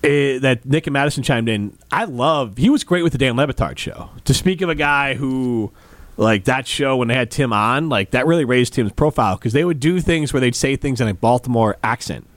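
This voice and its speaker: A male sports radio host talking into a studio microphone, chatty and teasing with his co-workers. His voice sits at an ordinary middle pitch. The sound is dry and close, with no room echo. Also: animated, fairly quick. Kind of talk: casual sports radio banter.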